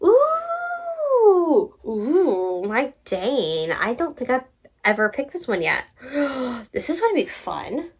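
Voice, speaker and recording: A young woman hosting a casual book vlog, bubbly and excitable, often laughing at herself. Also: on the high side, a little slow, breathy edge, rough recording. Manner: bubbly, excitable, self-mocking. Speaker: booktube host.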